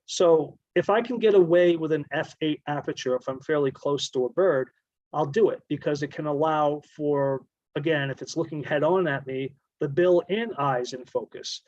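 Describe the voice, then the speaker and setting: Guy talking through camera settings in a slideshow, a bit high-voiced, rambly, keeps correcting himself, dull dry lo-fi sound. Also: normal speed, a little mellow, no room sound. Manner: explanatory, rambling, self-correcting. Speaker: bird photography presenter. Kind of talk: casual slideshow presentation.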